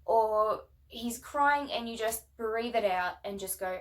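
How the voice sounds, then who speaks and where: A woman's voice: fairly high pitch, slow. A young woman venting in a casual rant to camera, blunt and swearing often, emphatic and heated. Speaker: vlogger.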